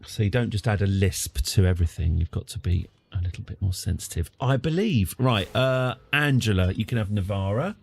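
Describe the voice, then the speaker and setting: A man's voice: fairly low pitch, expressive, fairly quick, creaky, hardly any pauses, darkish tone, breathy edge. A man streaming a strategy game live, chatting with jokey asides.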